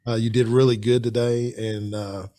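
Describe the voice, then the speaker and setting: A man hosting a casual podcast chat, talking in a chatty, animated way with frequent restarts. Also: mid-range voice, normal speed. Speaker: podcast host.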